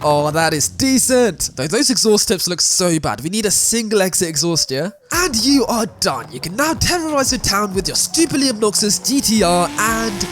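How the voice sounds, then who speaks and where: A young man giving animated, self-mocking gameplay commentary. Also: high-pitched, moderate pace, hardly any pauses, soft background music. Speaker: gaming YouTuber.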